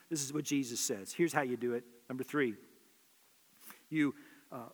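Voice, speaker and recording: Earnest pastor preaching in a reverberant hall. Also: male voice, medium pitch, fairly even intonation, moderate pace, pauses often. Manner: earnest, repeats phrases for emphasis. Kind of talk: sermon.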